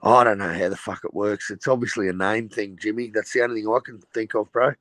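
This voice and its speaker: A man's voice: on the low side, steady tone, fast talker, fairly bright tone, no echo. A man with an Australian accent talking boxing in casual chat, blunt and swearing freely.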